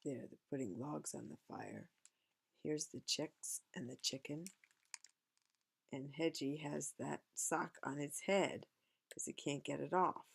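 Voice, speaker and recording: Low gravelly woman reading a picture book. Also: big pitch swings, takes it slowly. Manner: chatty, pointing out pictures. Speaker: reader of a picture book to a child. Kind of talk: children's book read-aloud with asides.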